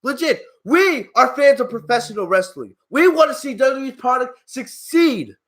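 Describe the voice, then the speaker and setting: A man's voice: very high-pitched, big pitch swings, moderate pace, a bit bright. A man hosting a live-stream wrestling review, ranting in an exasperated, heated way at viewers in his chat, swearing freely and laughing at them. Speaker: wrestling channel host.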